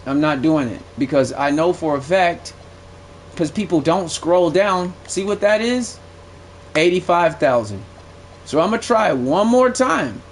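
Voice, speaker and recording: A man's voice: fairly high pitch, expressive, a little slow, a little hiss or hum. A young man streaming a game live, giving blunt, profane play-by-play commentary that swings into aggravation. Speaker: gaming streamer.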